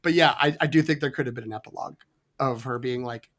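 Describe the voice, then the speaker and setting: A man's voice: mid-range voice, fast talker, fairly bright tone. A man on a film podcast who speaks hesitantly in a casual discussion, stammering and leaning on fillers.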